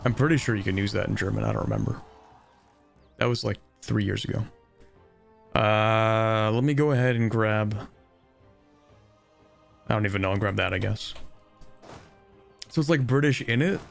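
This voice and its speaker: A man with a gravelly, creaky voice chats casually on a live stream while he plays. He rambles and thinks aloud, full of fillers and small laughs. Faint game music sits underneath. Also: on the low side, moderate pace, pauses often.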